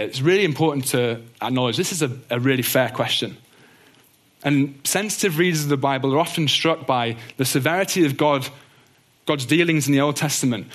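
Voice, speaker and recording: A man teaching a Bible lesson in an earnest, gentle way. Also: medium pitch. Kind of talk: teaching talk on doctrine.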